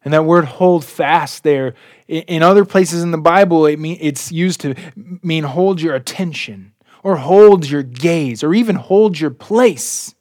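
A man preaching a sermon as a pastor, in a slow and earnest way, his voice often dropping soft at the ends of phrases. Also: a little high, no room sound, clean studio sound.

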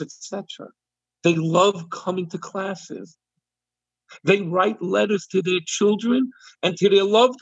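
Gravelly, husky rabbi host telling a story. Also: male voice, on the high side, no echo, muffled recording. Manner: animated, emphatic storyteller. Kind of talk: monologue commentary with anecdote.

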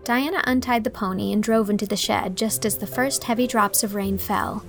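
A woman narrating a classic storybook with a gentle, even reading manner. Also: medium pitch, moderate pace, gravelly, faint music behind. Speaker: audiobook reader.

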